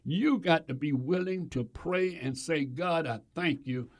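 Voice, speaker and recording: Slow, gravelly-voiced fervent preacher. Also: male voice, on the high side, lively intonation, no echo. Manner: fervent, repetitive, addresses listeners directly. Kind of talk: sermon.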